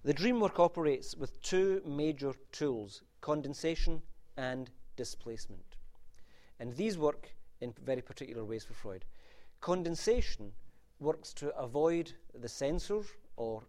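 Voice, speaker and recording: A man's voice: on the high side, animated, measured pace, a little mellow. A man giving a university literature lecture in a wry, discursive manner, with asides and restarts. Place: lecture room.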